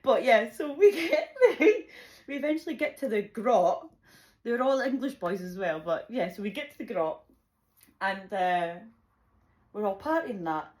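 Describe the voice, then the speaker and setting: A young woman telling a chaotic personal story, animated and swearing freely, laughing often. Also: medium pitch, moderate pace. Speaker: vlogger. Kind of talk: casual storytime.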